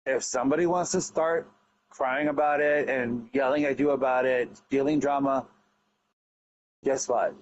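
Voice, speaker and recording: A man's voice: mid-range voice, fairly even intonation, measured pace, slight background noise. Emphatic man ranting on a lo-fi call. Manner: earnest, emphatic, rambling with restarts. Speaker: guest, online wrestling league promoter. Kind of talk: casual podcast chat.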